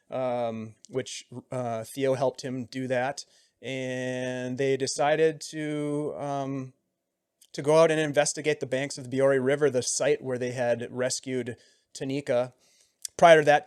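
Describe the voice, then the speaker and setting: A man acting as game master, recapping and narrating a tabletop game in a relaxed way, often trailing off softly. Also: medium pitch, no echo, studio quality. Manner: relaxed, with frequent ums and trailing soft phrases.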